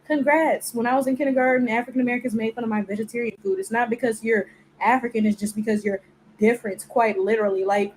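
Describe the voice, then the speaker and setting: High-pitched ranting woman. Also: steady tone, fast, slight background noise, low-quality recording. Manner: blunt, exasperated, mocking imitations. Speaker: commentator. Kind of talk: ranting video commentary.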